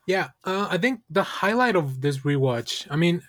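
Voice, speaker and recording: Male podcast co-host: slightly high voice, dry sound, easygoing rambling delivery. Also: animated, moderate pace, fairly bright tone, no echo. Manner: rambling, loose, filler-heavy. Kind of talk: casual podcast chat.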